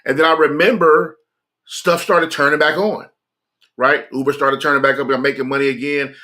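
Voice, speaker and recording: A man's voice: fairly high pitch, steady tone, moderate pace, sharp tone. A man on a livestream telling a heartfelt personal story in a casual, earnest way, often repeating phrases for emphasis. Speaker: livestreamer sharing a personal testimony.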